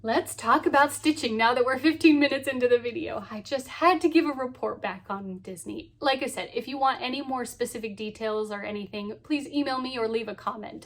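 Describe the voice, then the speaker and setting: Woman in her 30s, higher voice, rambling cheerful craft vlog chat, lots of ums. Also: a little fast, few pauses, a bit bright. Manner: chatty, lots of ums and so yeahs; cheerful, laughs often. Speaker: cross stitch vlogger. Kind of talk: casual chat to camera.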